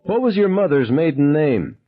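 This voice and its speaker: A man voicing a frantic teenage gunman who shrieks his questions in high, shrill bursts. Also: big pitch swings, normal speed. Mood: shrill, menacing. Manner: high, shrill interrogating shouts. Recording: dull lo-fi sound.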